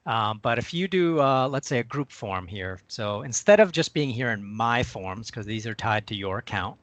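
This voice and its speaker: A man on a video call sharing his screen and walking through a software demo step by step in a chatty way. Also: medium pitch, expressive, moderate pace, no room sound. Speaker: co-presenter.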